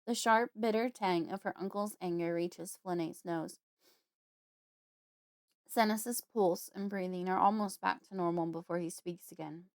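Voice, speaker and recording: A woman narrating her own novel in a casual audiobook style. Her reading is steady and expressive. The sound is dry and close, with no room echo. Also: on the low side, unhurried. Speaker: author and audiobook host.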